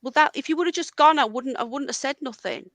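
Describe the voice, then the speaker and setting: A woman's voice: sits high, fast, fairly bright tone, no room sound. A woman hosting a livestream, angrily ranting at a guest and swearing a lot. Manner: furious, swearing, confronting a guest. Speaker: livestream host. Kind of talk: angry livestream rant.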